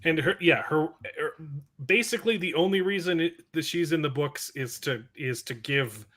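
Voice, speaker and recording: A man's voice: on the high side, a bit bright. A man in a casual fan discussion, talking from his desk at home and correcting himself often. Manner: rambling, quick self-corrections. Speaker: podcast panelist.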